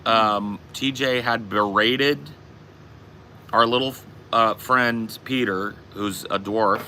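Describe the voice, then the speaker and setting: A man's voice: lowish voice, fairly even intonation, slow, bright, forceful tone, a little hiss or hum. A man hosting a podcast, telling a casual anecdote with plenty of swearing. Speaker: podcast host. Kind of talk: casual storytelling chat.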